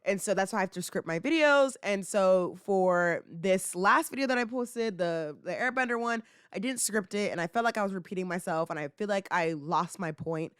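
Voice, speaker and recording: A woman's voice: mid-range voice, moderate pace, few pauses, clear, resonant tone, no echo, clean studio sound. A young woman in her twenties hosting a podcast, chatting casually and rambling with fillers and laughs. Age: 20s. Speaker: podcast host. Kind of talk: casual chat.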